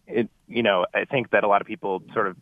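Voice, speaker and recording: Male radio caller, low voice, phone-line sound, hesitant. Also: steady tone, fast talker, no room sound. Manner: hesitant, many fillers. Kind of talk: call-in question.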